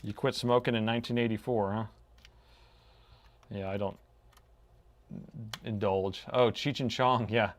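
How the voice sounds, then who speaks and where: There are long pauses in this middle-aged man's moderately paced commentary as he repairs a laptop. His voice sits lowish, and he muses aloud while measuring, his easygoing drawl peppered with "man."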